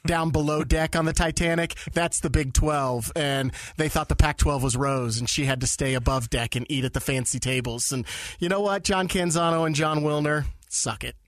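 Slightly higher-voiced guy on sports radio, snarky and laughing, dry close mic. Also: moderate pace, no room sound. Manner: mocking, laughing, sarcastic. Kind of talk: casual sports radio banter.

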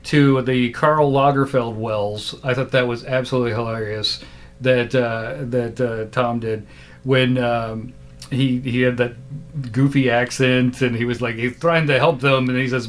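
A man hosting a casual podcast chat about superhero shows, animated, often laughing and trailing off into fillers. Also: medium pitch, unhurried. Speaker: podcast host.

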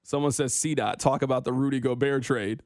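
A man's voice: medium pitch, steady tone, a little fast, darkish tone, no echo. A young man hosting a sports talk radio show, bantering and complaining in a playful, self-mocking way into a studio microphone.

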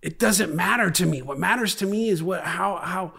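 A man's voice: sits high, normal speed, creaky, bright, forceful tone, husky. A man talking candidly and profanely about his life as a graffiti artist in a casual podcast conversation. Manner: profane, candid, heated storytelling.

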